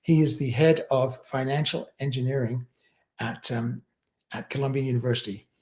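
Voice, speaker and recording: A man's voice: mid-range voice, steady tone, moderate pace, a little mellow. A man hosting a casual livestream chat, telling rambling stories and chuckling as he talks. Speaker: livestream host.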